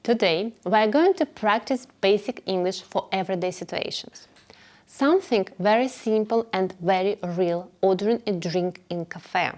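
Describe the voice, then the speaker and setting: A woman teaching beginner English, speaking clearly and patiently and repeating phrases for learners to follow. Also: mid-range voice, lively intonation, moderate pace, darkish tone. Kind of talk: slow instructional narration.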